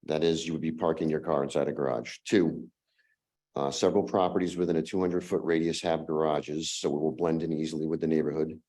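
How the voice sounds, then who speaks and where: A hoarse man who is losing his voice, making a formal presentation as an applicant to a town zoning board and running through a numbered list with fillers. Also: extremely low pitch, little pitch movement, a little fast, mellow. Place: town meeting room.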